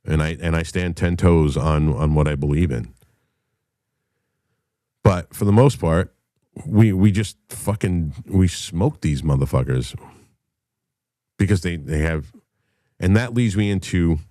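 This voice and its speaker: A man's voice: deep voice, warm tone, no echo, clean studio sound. A middle-aged man hosting a podcast, telling a story in a heated, profane monologue. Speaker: podcast host. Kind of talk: casual monologue.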